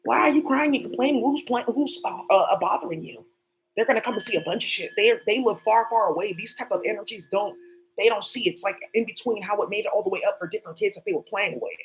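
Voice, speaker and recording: Woman, rambling unscripted monologue, swears a lot, talks to absent people, very quick delivery. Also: medium pitch, slight background noise, poor audio. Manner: rapid, profane, talks to unseen people. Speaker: channel host.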